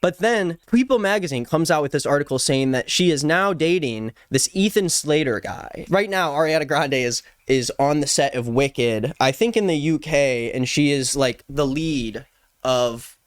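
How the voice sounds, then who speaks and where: A man's voice: a little high, lively intonation, normal speed, hardly any pauses, no room sound, clean studio sound. A man in his twenties giving playful, jokey casual commentary as a YouTube host. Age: 20s. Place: Los Angeles.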